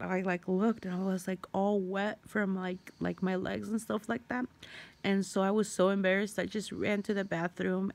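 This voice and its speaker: A young woman tells a personal story in a loose, rambling way. She fills her talk with fillers and swears now and then. Her voice is gravelly with fry at a middle pitch. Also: darkish tone. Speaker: vlogger.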